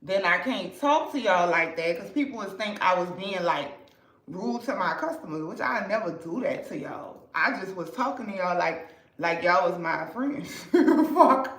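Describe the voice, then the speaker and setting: A woman's voice: on the low side, animated, normal speed, a bit bright, echoey room, rough recording. A woman from New Orleans with a New Orleans accent, chatting bluntly and with lots of swearing on a livestream. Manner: blunt, profane, talkative. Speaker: live streamer selling to customers. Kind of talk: casual livestream chat.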